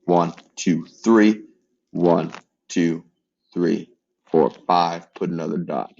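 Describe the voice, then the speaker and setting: A man giving a casual math lesson, explaining steps with relaxed joking asides. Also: deep voice, slow, gravelly, dull audio. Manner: relaxed, joking asides while working problems. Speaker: math teacher.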